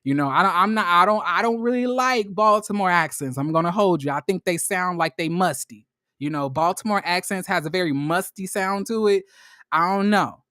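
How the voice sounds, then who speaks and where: A man recapping a reality show in a casual, slangy, animated monologue, jumping into high squeals when acting out quotes. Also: moderate pace, dry recording, studio quality.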